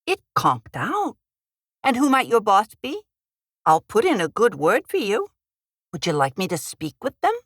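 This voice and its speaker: A woman's voice: medium pitch, huge pitch swings, a little slow, a bit bright, no echo, clean studio sound, pitched above the performer's own voice, exaggerated voice. A woman voicing a heroine who puts on a folksy Minnesota accent and plays a chatty, innocent cat lady. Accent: put-on Minnesota. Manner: chirpy, folksy, playing innocent.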